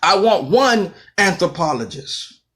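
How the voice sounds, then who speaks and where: A man's voice: high voice, animated, unhurried, a bit bright. A man giving an impassioned lecture in a fiery, rhythmic way, repeating phrases for emphasis.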